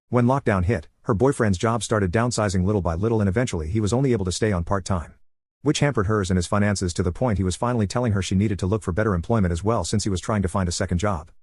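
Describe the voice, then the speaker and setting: Man, lower register, slightly breathy, fast steady storyteller read, dry close booth sound. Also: no echo. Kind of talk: reading a first-person online story.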